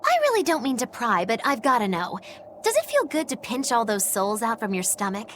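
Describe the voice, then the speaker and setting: A mischievous young mage who teases and needles in a high, bouncy voice that swoops all over. The game voice acting is theatrical and playful. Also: female voice, wildly swooping pitch, fairly quick, background noise.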